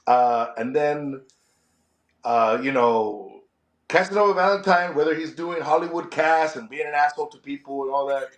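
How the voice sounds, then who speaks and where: Animated middle-aged man, roomy echo. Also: fairly high pitch, normal speed. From San Antonio, Texas. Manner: animated, mixes in Spanish slang. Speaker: wrestler and show promoter. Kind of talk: casual interview chat. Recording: echoey room.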